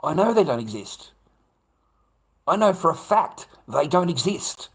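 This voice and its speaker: A man's voice: a little high, sing-song, a little slow, breathy edge. An Australian man on a livestream, ranting heatedly, swearing constantly and repeating himself. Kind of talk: angry livestream rant.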